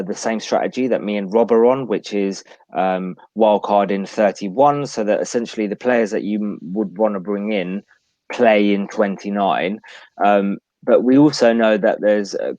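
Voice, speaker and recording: A man's voice: fairly low pitch, darkish tone, no room sound, muffled recording. A man co-hosting a podcast in casual chat, reeling off statistics and laughing at his own slips. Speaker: podcast co-host. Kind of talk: casual chat about fantasy football.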